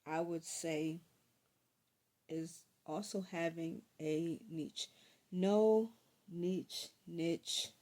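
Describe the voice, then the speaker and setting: A young woman vlogger talking casually to camera, giving tips in a chatty, relaxed way with frequent ums. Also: on the low side.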